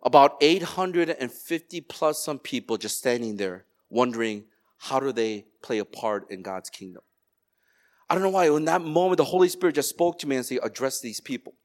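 A man's voice: medium pitch, expressive, normal speed. A man pastor giving a sermon, preaching with energy, stacking repeated phrases and telling personal stories.

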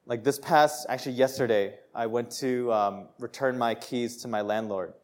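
A young man preaching a sermon, telling a personal story with laughter and rising to joyful shouts. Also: mid-range voice, steady tone, normal speed. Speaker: pastor.

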